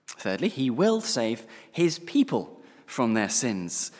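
A man preaching a sermon, slowing down and pausing to stress key words. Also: mid-range voice, very animated, big-room sound.

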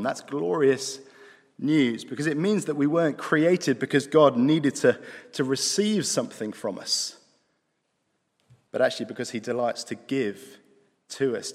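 A man preaching a sermon in a conversational way, with dry asides, slowing down for emphasis. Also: medium pitch. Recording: long hall reverb.

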